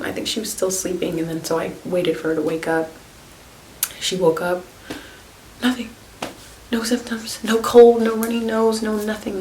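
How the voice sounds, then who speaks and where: Host: young woman, lowish voice, chatty and filler-heavy, roomy sound with light hiss. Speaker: naturopathic podcast host. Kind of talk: casual storytelling monologue.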